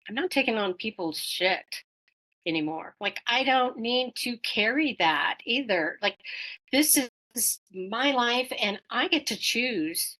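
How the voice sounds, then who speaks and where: A woman's voice: a little high, animated, slow pace, pushed and bright, low-quality recording. A middle-aged woman talking as an interview guest, reflecting casually with many fillers and restarts.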